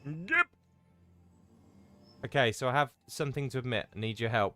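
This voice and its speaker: A man's voice: medium pitch, animated, normal speed, pushed and bright, soft background music. A man streaming a game, chatting casually with viewers in a self-mocking way and swearing freely. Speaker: gaming streamer. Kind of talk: casual live-stream chat.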